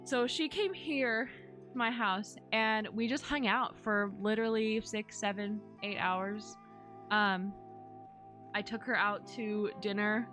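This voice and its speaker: A woman's voice: medium pitch, steady tone, slow pace, a bit bright, soft background music. A young woman streamer chatting casually, rambling with many fillers and restarts as she tells a story. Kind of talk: casual chat while streaming.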